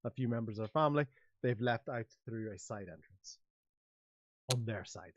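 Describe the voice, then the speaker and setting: A man's voice: fairly low pitch, normal speed, no echo, dull audio. A man narrating as game master of a tabletop game, talking hesitantly with lots of fillers.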